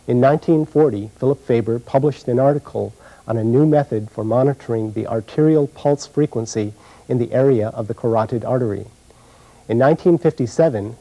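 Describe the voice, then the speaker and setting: A man giving scripted, measured narration for a technical instructional video. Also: medium pitch, warm tone, poor audio.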